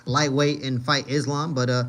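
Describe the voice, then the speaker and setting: A man's voice: medium pitch, flat delivery, normal speed, a bit bright. Rambling New York man hosting a livestream. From Manhattan, New York. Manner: rambling, repeats himself, frequent "you know what I mean". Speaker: livestream host reading chat. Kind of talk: casual livestream chat.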